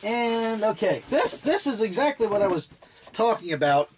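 A man chatting casually while unboxing a gift, rambling and excitable, often laughing. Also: sits high, normal speed, a little hiss or hum. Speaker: toy blaster hobbyist unboxing a gift.

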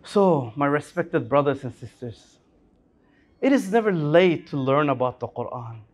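Impassioned male preacher with sweeping pitch. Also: animated, unhurried. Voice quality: impassioned, rising and falling delivery. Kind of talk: sermon. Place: Islamic center hall.

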